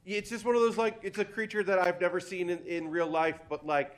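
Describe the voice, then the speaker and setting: A fairly high-voiced man hosts a live comedy panel at a convention. He talks in an animated, laughing, self-deprecating way into a stage mic. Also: a little fast. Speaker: host. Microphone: handheld or stand mic.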